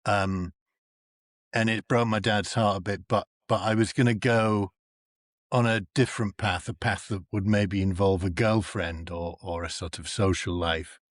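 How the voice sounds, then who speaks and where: A man from North East England, a comedian and actor chatting as a guest and acting out the people in his stories with big leaps in pitch. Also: measured pace, no room sound, clean studio sound. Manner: animated storyteller who acts out quoted people with big pitch jumps. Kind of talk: casual chat.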